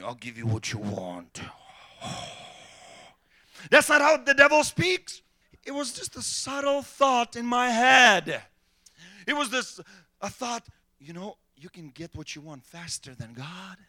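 A man preaching a sermon as pastor, telling personal stories and acting out what people said to him. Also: extremely high pitch. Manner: animated storytelling, acting out quotes.

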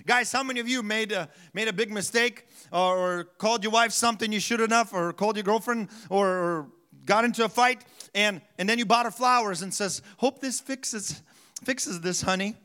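A male pastor gives a sermon in a loose, conversational way, stopping often to quiz the congregation. His voice sits high and comes across bright and forceful. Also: a little fast, smooth.

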